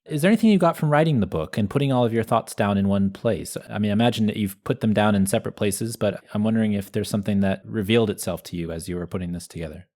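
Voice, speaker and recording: A man hosting a podcast, asking relaxed, long questions in a casual interview. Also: lowish voice, fast, few pauses. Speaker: podcast host.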